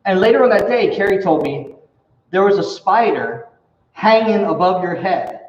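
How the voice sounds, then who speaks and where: A man's voice: high voice, lively intonation, normal speed, a little hiss or hum. A man, a pastor, chatting casually and telling a joke with laughs. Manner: chatty storyteller, laughs at his own jokes. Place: church hall. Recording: echoey hall, far from mic, dull.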